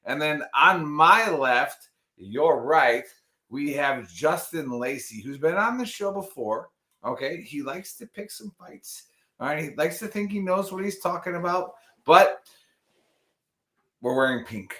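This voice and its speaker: A man's voice: on the high side, lively intonation, measured pace, bright, forceful tone, reverberant. A man hosting a live show in a loose, joking, rambling way, casual banter with his co-hosts. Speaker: podcast host.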